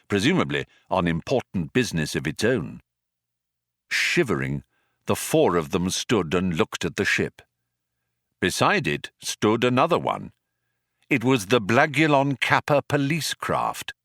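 Lively low-voiced male storyteller. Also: no room sound. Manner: dry, measured storytelling. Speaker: audiobook narrator. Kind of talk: scripted narration.

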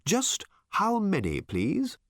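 A man voicing a strange, chatty, shape-shifting bird-like machine in an audiobook, its pitch jumping from very high to very deep. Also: dry recording, studio quality, full character voice. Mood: matter-of-fact. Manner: shifts pitch wildly, calm and briskly matter-of-fact. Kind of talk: audiobook character voice.

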